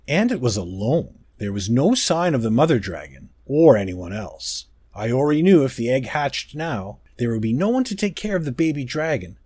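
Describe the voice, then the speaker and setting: A male storyteller reading a children's tale aloud, slow and expressive, with drama in his pauses. His voice is a little husky and swings widely in pitch. The sound is close and dry. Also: dry recording. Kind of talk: storybook narration.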